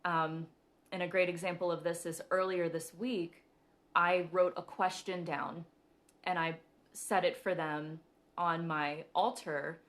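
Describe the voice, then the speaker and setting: Casting: young woman host of a live spiritual show, low-pitched, chatty, laughs easily, lots of fillers. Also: little pitch movement, unhurried, a bit bright. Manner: chatty, giggly, many ums. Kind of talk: casual live-stream talk.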